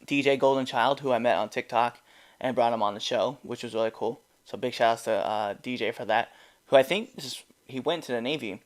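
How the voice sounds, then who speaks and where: A man hosting a podcast in casual chat, rambling and laughing often as he reacts to wrestling. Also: mid-range voice. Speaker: podcast host.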